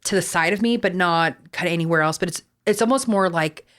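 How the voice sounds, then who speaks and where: Casual Texan woman co-host, low-ish voice, swears, rambles. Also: fast, a bit bright. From Texas. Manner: chatty, swears often, rambling asides. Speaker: podcast co-host. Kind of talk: casual podcast storytelling.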